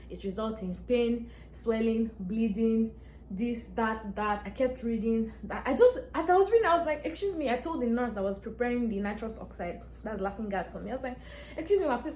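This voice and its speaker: A woman's voice: medium pitch, darkish tone, slight background noise. Chatty young woman in an echoey room. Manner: chatty, laughs often, acts out dialogue. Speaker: vlogger. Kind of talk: casual storytelling to camera. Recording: echoey room, faint ambience.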